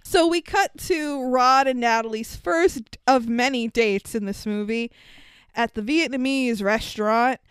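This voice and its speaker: Sarcastic woman with a smooth, dry voice. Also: a little high, measured pace, no room sound. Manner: sarcastic, swears freely, laughs often. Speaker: podcast co-host. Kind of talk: casual movie-riffing chat.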